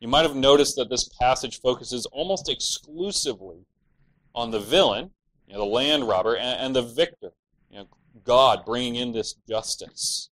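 A man's voice: medium pitch, moderate pace, fairly bright tone, rough recording. A man preaching an expository sermon, explaining scripture earnestly and at times voicing the villains' laments in a mocking tone.

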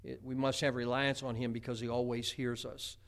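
A man's voice: medium pitch, little pitch movement, brisk. A middle-aged man preaching a homespun sermon, chatty, with many stammered restarts. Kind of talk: folksy sermon.

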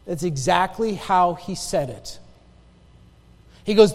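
A high-pitched male preacher delivers a sermon, telling a story from his own life. He drives home his points by repeating lines and calling out to the congregation. His voice rings with the long reverb of a church hall. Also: expressive, a little slow, vocal fry, long pauses, darkish tone. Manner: emphatic, repeats key phrases, asks the congregation "Amen?". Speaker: pastor. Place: church sanctuary.

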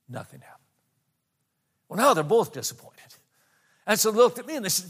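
High-voiced man telling a sermon story. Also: sing-song. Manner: storytelling, slows down for emphasis on scripture. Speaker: pastor.

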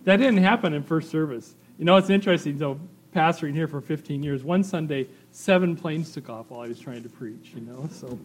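A middle-aged man with a high-pitched voice preaches a sermon to his congregation. He talks in a loose, conversational way, reads passages aloud and tosses in "right?" and "you know" between points. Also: brisk. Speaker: pastor.

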